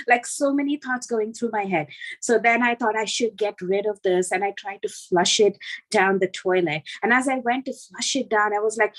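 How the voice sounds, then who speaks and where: A middle-aged woman doing a self-deprecating stand-up set, telling animated stories with lots of fillers. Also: medium pitch, moderate pace, low-quality recording. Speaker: stand-up comedian.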